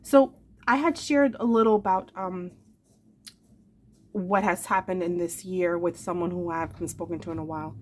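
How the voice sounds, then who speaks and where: A woman's voice: on the low side, steady tone, moderate pace. A woman in her forties speaking in an earnest, emotional confessional vlog, calling her viewers "my darlings" and repeating phrases for emphasis. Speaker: vlogger. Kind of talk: heartfelt confessional vlog talk.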